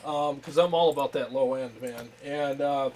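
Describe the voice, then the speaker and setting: A man's voice: medium pitch, normal speed, a little mellow. A man hosting a casual livestream, talking about his equipment in an enthusiastic, rambling way with restarts and frequent laughter. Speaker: show host.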